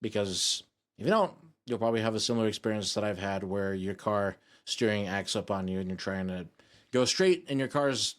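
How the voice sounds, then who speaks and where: Drowsy, rambling young male streamer. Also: lowish voice. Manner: rambling and jokey, addressing chat. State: drowsy after a meal. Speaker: VTuber streamer. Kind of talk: casual live-stream chat. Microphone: streaming microphone.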